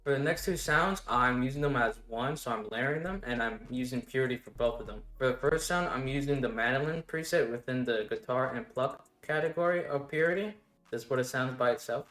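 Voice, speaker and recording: Guy casually explaining his beat setup, mid pitch, kinda echoey room. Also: brisk. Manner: relaxed step-by-step explaining with fillers. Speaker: music production tutor. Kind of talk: casual screen-recorded tutorial. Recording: roomy echo. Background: faint music playing.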